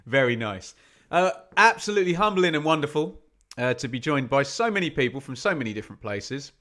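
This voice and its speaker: A man's voice: medium pitch, very animated, brisk, bright, forceful tone. A man hosting a football watch-along live stream, reading viewers' locations from the chat in a chatty, self-deprecating way.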